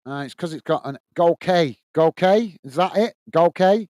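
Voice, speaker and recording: A man's voice: fairly high pitch, animated, moderate pace, a little mellow, no echo. Chatty Northern English man commentating. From north of England. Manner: chatty, blunt, laughs easily, says mate a lot. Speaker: football watch-along host. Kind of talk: match commentary and reading out viewer chat.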